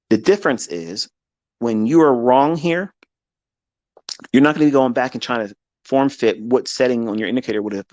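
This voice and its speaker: A man's voice: medium pitch, a little mellow, no echo. Middle-aged guy swearing a lot, preachy trading mentor, dry close sound. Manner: blunt, profane, passionate, preachy. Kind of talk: unscripted live audio talk.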